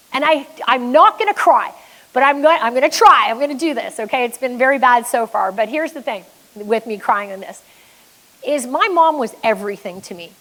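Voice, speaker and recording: A woman's voice: high voice, fairly bright tone, poor audio. A Canadian woman giving a motivational keynote as a business coach, emphatic and blunt, with some swearing. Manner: emphatic storyteller, blunt and profane.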